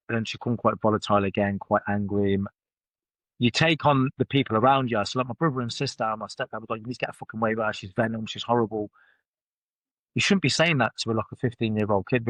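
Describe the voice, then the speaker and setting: A man's voice: medium pitch, no echo. Blunt, swearing man, dry sound. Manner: blunt, swears freely, loose run-on phrasing. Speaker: podcast guest. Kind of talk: candid personal storytelling in conversation. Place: podcast studio.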